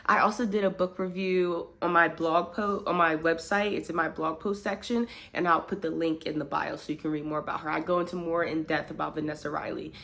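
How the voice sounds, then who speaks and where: A young woman casually reviewing a book, chatty and animated, with a lot of fillers as she talks. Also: deep voice, a little fast, gravelly, few pauses.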